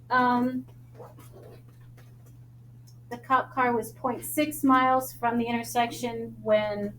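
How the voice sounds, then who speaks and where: High-voiced woman teaching math, Long Island accent. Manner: brisk, joking, quizzes students. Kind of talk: classroom teaching. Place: classroom. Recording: echoey classroom, faint noise.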